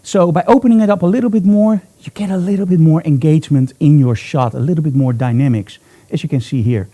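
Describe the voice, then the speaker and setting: A man's voice: a little high, quick pace, dark tone. A man teaching photography live in a studio, talking chattily and upbeat as he thinks aloud while he works. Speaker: photography instructor.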